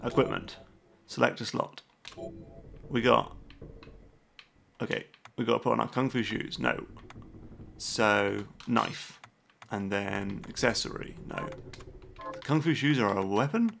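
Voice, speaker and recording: A man's voice: on the low side, slow, vocal fry, a bit bright, a little hiss or hum. A man on a live stream playing a game, reading its on-screen text aloud and dropping joking asides between lines. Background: game music.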